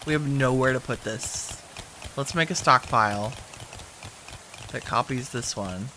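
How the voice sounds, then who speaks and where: A woman's voice: extremely low pitch, measured pace, background noise. A woman giving casual gameplay commentary, chatty and talking to her game characters as she plays. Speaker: game streamer.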